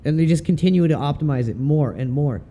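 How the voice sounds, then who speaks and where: A relaxed, chatty man, talking through his sim racing replay for a live stream. His voice sits a bit higher than most men's, with a mellow, warm tone, and he swears casually. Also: fast talker. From Canada.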